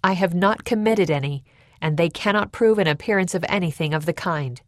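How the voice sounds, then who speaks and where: A steady, earnest jailed leader speaks in measured words, read by a woman narrator. His voice sits a little low and sounds close and dry, with no room around it. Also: no room sound, natural voice. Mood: resolute. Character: calm, resolute imprisoned male church leader.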